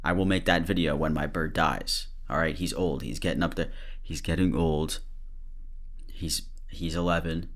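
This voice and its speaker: A man's voice: rumbling low, fairly even intonation, normal speed, a bit bright. A man hosting a podcast, reacting candidly to a clip with laughter and blunt swearing. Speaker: podcast host. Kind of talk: casual commentary.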